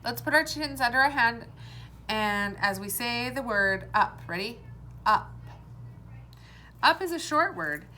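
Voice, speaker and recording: Lady teacher doing a phonics lesson for little kids, bright voice, sounds out each letter real slow, bit of hiss behind. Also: on the high side, animated. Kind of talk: recorded phonics lesson for young children.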